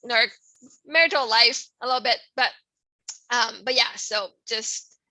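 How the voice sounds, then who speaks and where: A middle-aged French Canadian woman rambles loosely through a casual personal monologue on her own podcast, unhurried and forever circling back to "right?" Her high, bright voice is expressive, she laughs often, and she swings from soft, hushed stretches to loud outbursts. The recording is dry, close, and rough.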